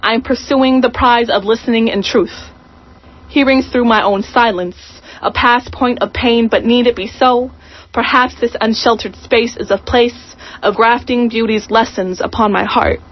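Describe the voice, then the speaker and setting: A woman reading a poem aloud in a slow, deliberate, introspective way, heard over a muffled radio broadcast. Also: on the high side, fairly even intonation. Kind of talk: poetry reading.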